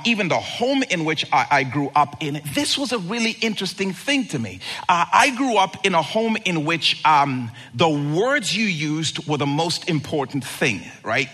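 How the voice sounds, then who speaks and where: A man preaching a sermon as pastor, conversational and animated, asking the listeners questions. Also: a little high.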